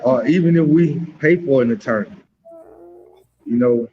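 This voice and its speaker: A man talking as a guest by phone, halting and rambling with many fillers. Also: mid-range voice, warm tone, slight background noise. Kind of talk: casual talk on a phone line. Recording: dull lo-fi phone call.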